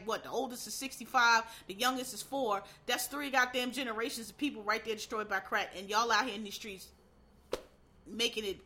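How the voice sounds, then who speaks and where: A woman's voice: on the high side, sharp tone. A woman from Philadelphia, ranting in a blunt, profane, heated way in casual commentary.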